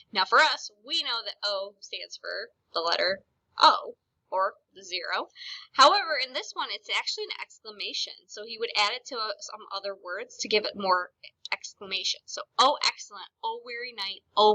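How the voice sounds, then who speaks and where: A woman's voice: mid-range voice, bright, forceful tone, low-quality recording. A woman teacher giving a recorded lesson, explaining ideas plainly and speaking straight to her students. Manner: explanatory, addresses students directly.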